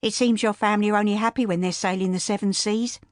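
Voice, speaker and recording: Practical, steady aunt figure, brisk and firm, put on by a woman narrator, pitched above the reader's own voice. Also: dry recording, studio quality, natural voice. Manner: brisk, stern, comforting. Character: brisk, practical older woman, family friend.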